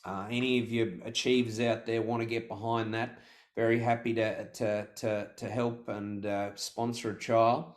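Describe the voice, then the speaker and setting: A man's voice: lowish voice, little pitch movement, moderate pace. Man, middle-aged, podcast guest, rambling storyteller, lots of restarts. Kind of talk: storytelling in conversation.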